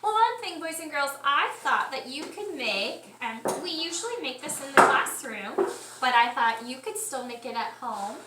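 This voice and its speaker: A woman kindergarten teacher gently reading a picture book aloud to children at home. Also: high voice, normal speed, heavy background noise. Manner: gentle, expressive storytime voice. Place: home room. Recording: echoey room, mic at distance.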